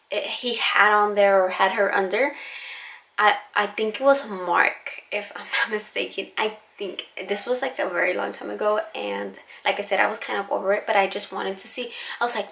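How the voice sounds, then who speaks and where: A woman's voice: mid-range voice, creaky, fairly bright tone. A young woman, chatting casually and bluntly through a storytime vlog, with lots of fillers and swearing. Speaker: vlogger.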